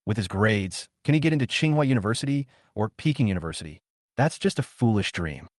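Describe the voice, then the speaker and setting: Scornful male teacher, read by a man, low voice with lively swings, dry sound. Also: fairly quick, no echo. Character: dismissive male teacher who looks down on a student.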